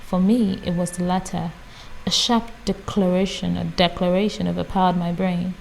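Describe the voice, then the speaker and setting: A woman reading a book aloud in a calm, casual way, often stopping to add her own amused comments. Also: lowish voice, moderate pace, creaky, a little hiss or hum, poor audio. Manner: reads calmly, breaks off for amused personal comments. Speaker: audiobook reader. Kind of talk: casual read-aloud with chatty asides.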